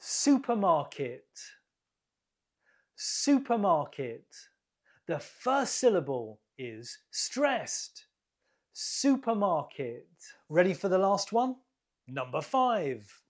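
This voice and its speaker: Slow, breathy British woman teaching. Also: fairly low pitch, sing-song. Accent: British English. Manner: deliberate, repeats each word for learners. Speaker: English teacher hosting a quiz. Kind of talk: slow, clear quiz teaching.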